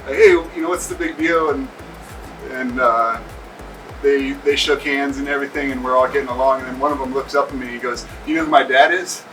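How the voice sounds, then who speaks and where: Man, bright forceful tone, casual halting recollection, distant mic with faint music under. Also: mid-range voice. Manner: relaxed, halting with fillers and repeats. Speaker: interviewee, paddling coach.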